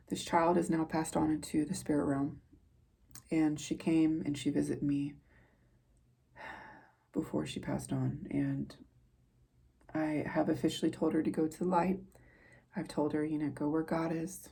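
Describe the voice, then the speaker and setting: A woman's voice: deep voice, creaky, warm tone, breathy edge. A woman who is a psychic tarot reader, giving an earnest, rambling spiritual reading to her viewers in a preacher-like way.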